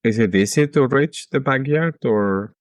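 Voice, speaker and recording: A man's voice: medium pitch, moderate pace, no room sound, studio quality. A man playing a tabletop role-playing game, announcing his character's actions in short, direct statements. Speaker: player.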